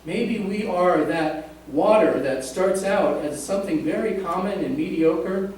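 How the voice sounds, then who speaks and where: A man's voice: high-pitched, a little slow, a little mellow. Male pastor, sermon, conversational, heard from afar, roomy reverb, faint hiss. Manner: conversational, jokes with the congregation. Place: church sanctuary. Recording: echoey church from a distant mic.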